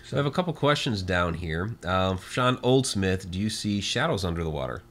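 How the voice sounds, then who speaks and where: Low-voiced easygoing male host. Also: animated, fairly quick, fairly bright tone. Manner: brief acknowledgments and questions, easygoing. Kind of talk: casual interview chat.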